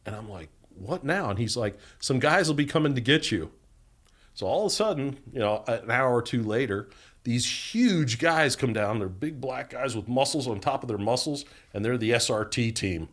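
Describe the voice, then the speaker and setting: A man's voice: medium pitch, moderate pace. A middle-aged man, a podcast guest, telling stories animatedly and acting out the voices of people he quotes. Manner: animated storyteller, acts out quoted voices, laughs often. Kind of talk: storytelling interview.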